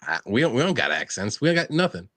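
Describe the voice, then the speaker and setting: A man's voice: mid-range voice, sing-song, fast talker, a bit bright. A man hosting a casual live stream, reading chat comments aloud in a playful, giggly way. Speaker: stream host.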